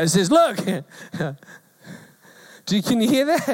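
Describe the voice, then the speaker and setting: High-voiced New Zealand pastor preaching. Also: male voice, slow. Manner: animated, jokey, mimics calls in a high voice. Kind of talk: sermon. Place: church hall.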